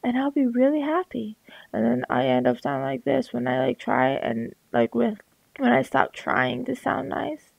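A young woman with a crackly, gravelly voice, rambling casually with lots of fillers and restarts about her art, into a headset at home. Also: sits high, big pitch swings, moderate pace, darkish tone, no echo, highs cut off. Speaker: artist vlogger. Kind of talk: rambling casual talk over a drawing.

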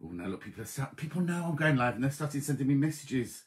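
His voice sits in the mid-range, with lively intonation and a quick pace. As host of a live online coffee morning, he casually greets viewers as "my love" while reading out their messages.

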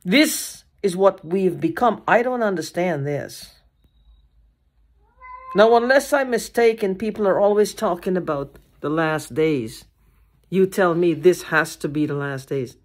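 A woman's voice: on the low side, lively intonation. A woman talking to the camera in an agitated, frustrated way, swearing, restarting sentences and repeating herself. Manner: halting restarts and repeated phrases. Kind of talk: casual vlog monologue.

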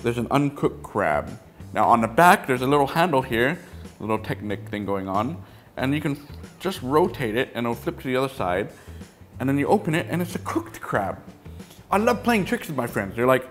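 A man reviewing a toy set in a casual, excitable way, often trailing off into quiet mumbles. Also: mid-range voice.

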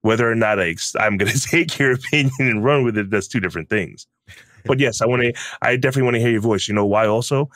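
A man's voice: mid-range voice, quick pace, fairly bright tone, dry recording, clean studio sound. A middle-aged man, a podcast guest, speaking emphatically in casual conversation. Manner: emphatic, opinionated.

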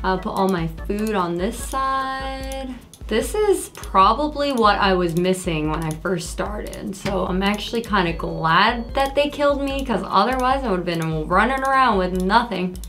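A young woman giving casual, excitable commentary while playing a video game for the first time, yelping at enemies. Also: medium pitch, unhurried, faint music behind. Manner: excitable, yelps and scolds at enemies. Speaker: gaming creator. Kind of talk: casual let's play commentary.

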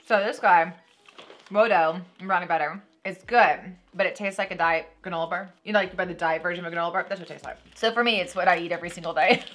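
A woman's voice: on the low side, fast, fairly bright tone. A woman hosting a casual snack unboxing, chatty and upbeat, reading labels aloud as she tastes. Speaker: vlogger host.

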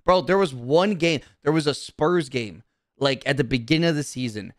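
A man's voice: medium pitch, normal speed, no echo, clean studio sound. A male streamer in a casual live-stream rant, talking in a heated, profane, repetitive way.

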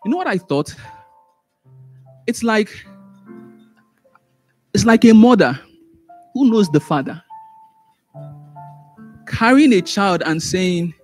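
High husky guy teaching sunday school, keeps restarting and repeating, gets loud and high on the big points, faint music behind. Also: slow, pauses often. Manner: animated, rises sharply in pitch and volume for emphasis, trails off in asides; repeats words and restarts phrases. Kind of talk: church Bible teaching.

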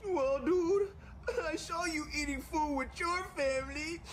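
A man's voice: high-pitched, moderate pace, over a noisy crowd, close to an everyday voice, rough recording. A man voicing a lonely, tearful young man in a puppet comedy sketch, talking in a whiny, mopey way. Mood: sad. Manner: whiny, mopey, on the verge of tears.

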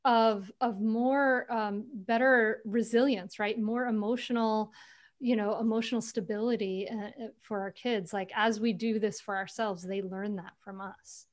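A woman author talking casually as a guest on a video call interview, animated and laughing often as she tells stories. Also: mid-range voice, measured pace.

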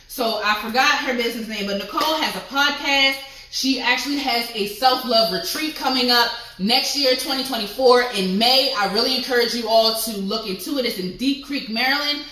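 Bright-voiced chatty woman, echoey room. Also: a little high. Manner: effusive, chatty, swearing casually. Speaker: vlogger. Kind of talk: casual vlog shout-outs.

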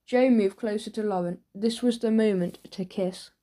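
A woman narrating a children's audiobook with lively storytelling. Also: mid-range voice, moderate pace. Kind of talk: scripted narration.

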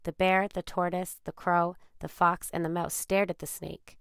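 A woman with a low, gravelly voice reads a children's story aloud in a calm, measured way. The sound is close and dry. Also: no echo. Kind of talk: children's read-aloud narration.

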